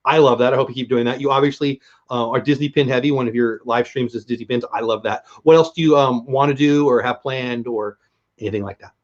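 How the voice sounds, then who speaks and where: A man's voice: medium pitch, fast. Man, livestream host, rambling chatty talk, dull lo-fi sound. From San Diego, USA. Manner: rambling, self-deprecating, chatty. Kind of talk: casual interview chat. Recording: slightly dull lo-fi audio.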